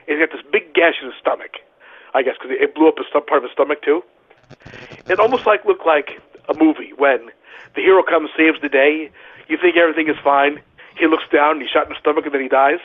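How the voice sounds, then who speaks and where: A man spins wild stories in a rambling, profane way, checking in with "right?" as he goes. His voice sits a little high and husky, squeezed through a thin, phone-like line. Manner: animated, profane anecdote-telling with frequent "right?". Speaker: guest, former pro wrestler. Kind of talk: casual storytelling on a podcast.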